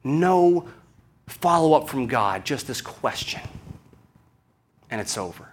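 This pastor, a man from the American South with a Southern accent, delivers his sermon like he's telling a story in conversation, packing it with rhetorical questions. His voice sits at a medium pitch, animated but unhurried.

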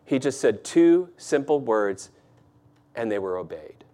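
A man's voice: medium pitch, big pitch swings, a little slow, warm tone. A man preaching a sermon, reading scripture and then explaining it in a conversational way, with asides to the congregation. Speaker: pastor.

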